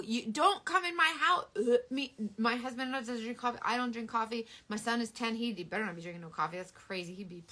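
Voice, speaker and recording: A woman in her thirties chatting casually and animatedly on a live beauty stream. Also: a little high. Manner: animated, dramatic, Southern US sayings. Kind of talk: casual chat.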